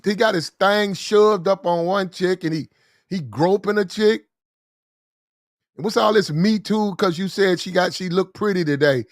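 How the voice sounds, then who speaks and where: A man hosting a commentary show, ranting bluntly with profanity, repeating lines for emphasis and getting loud and fast when worked up. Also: high voice, dry recording, clean studio sound. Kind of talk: heated commentary rant.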